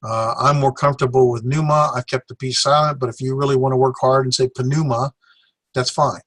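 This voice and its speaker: A man teaching a Greek class, sounding out syllables with many pauses and fillers. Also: mid-range voice, flat delivery, fairly bright tone, no echo. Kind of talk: recorded classroom lecture.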